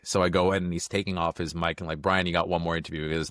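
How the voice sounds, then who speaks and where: A middle-aged man chatting casually as a podcast guest, telling stories quickly and acting out the lines of the people in them. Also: sits low, steady tone, fairly bright tone, dry recording, studio quality. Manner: fast storyteller, acts out quotes. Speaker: podcast guest, film critic. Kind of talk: casual chat.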